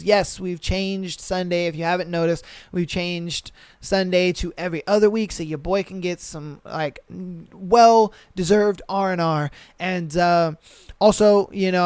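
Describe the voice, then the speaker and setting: A young man hosting a casual solo podcast, loose and profane, acting out drivers and animals in shouted voices. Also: high-pitched, clear, resonant tone, dry recording. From western United States. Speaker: podcast host. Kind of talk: casual solo podcast chat, reading and reacting to stories.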